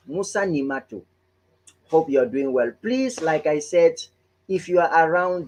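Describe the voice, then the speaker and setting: A man's voice: fairly high pitch, a little mellow, low-quality recording. A man hosting a live online business training, welcoming viewers one by one in an upbeat, chatty way and often tagging on "right?".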